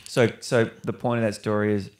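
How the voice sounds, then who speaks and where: A man's voice: lowish voice, little pitch movement, brisk. A young man, an actor, talking casually and rambling as a podcast guest. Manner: rambling, with many restarts and mild swearing. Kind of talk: casual interview chat.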